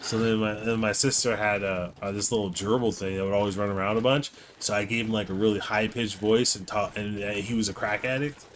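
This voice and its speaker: A man's voice: lowish voice, steady tone, a little fast, few pauses, a little hiss or hum. A man co-hosting a live game stream, chatting casually in a rambling, playful way. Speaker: streamer co-host. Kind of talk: casual live-stream chat while gaming.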